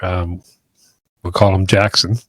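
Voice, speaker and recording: A man co-hosting a podcast in casual banter, teasing with deadpan jokes. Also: deep voice, slow, no room sound. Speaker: podcast co-host.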